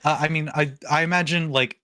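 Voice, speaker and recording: A man's voice: on the high side, steady tone, a little fast, sharp tone, no room sound. A man playing in a tabletop game, making dry, wry remarks in casual chat. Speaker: player.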